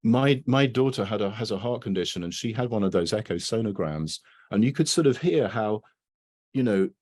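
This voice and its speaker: A man's voice: fairly low pitch, expressive, normal speed, a little mellow. A man giving a casual academic talk over a video call, rambling and tagging his points with "right?" and "you know". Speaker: lecturer.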